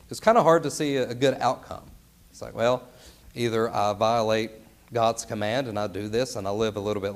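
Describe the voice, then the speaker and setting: An earnest male preacher delivering a sermon with plenty of emphasis, leaning into key words. He keeps checking in with his listeners through rhetorical questions, at an ordinary pitch for a man.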